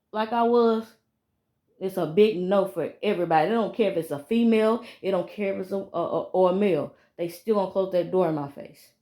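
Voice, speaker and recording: A woman's voice: fairly low pitch, mellow. A woman, venting emphatically to a phone camera in a casual vlog and repeating herself. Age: 30s. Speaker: vlogger.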